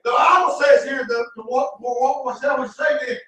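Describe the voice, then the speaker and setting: High-voiced Southern preacher in echoey church. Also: male voice, normal speed, recorded from a distance. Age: 30s. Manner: folksy, animated, shouting bursts. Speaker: pastor. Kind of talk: sermon with humorous storytelling. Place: large church sanctuary. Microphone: distant from the mic.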